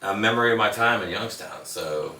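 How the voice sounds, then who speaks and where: A man's voice: fairly low pitch, brisk, bright, forceful tone. A man as an interview guest, telling rambling anecdotes in casual conversation. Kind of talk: casual storytelling. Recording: echoey room, mic at a distance.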